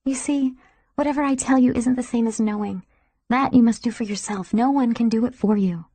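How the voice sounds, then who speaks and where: Intense secretive young woman voiced by the narrator, soft whispers turning sharp, mellow and breathy. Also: a little high, brisk, dry recording, natural voice. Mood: gentle.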